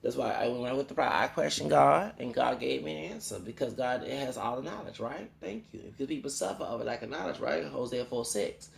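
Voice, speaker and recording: A man's voice: mid-range voice, expressive, a little fast, gravelly, few pauses, a little hiss or hum. A man, a YouTuber, rambling and preachy in a ranting vlog monologue, quoting Bible verses and often asking "okay?". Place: home in Houston. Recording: echoey room.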